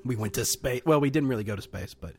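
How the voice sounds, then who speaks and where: A man's voice: medium pitch, fast talker. A man co-hosting a film podcast in casual chat, rambling with lots of fillers and crude slang. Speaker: podcast co-host.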